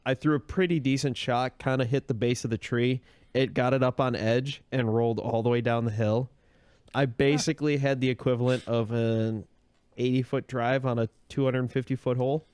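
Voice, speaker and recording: A man co-hosting a podcast, telling an anecdote in relaxed casual chat with light laughs. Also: mid-range voice, normal speed, clean tone, no room sound. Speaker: podcast co-host.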